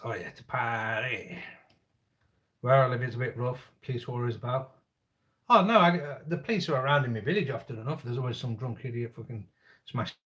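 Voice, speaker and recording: A man hosting a camping live chat. His voice sits at an ordinary middle pitch, and he talks in a loose, cheeky way with frequent laughs and the odd swear word. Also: a bit bright. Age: adult parent. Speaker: camping live-stream host. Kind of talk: casual live chat storytelling. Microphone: live-stream setup.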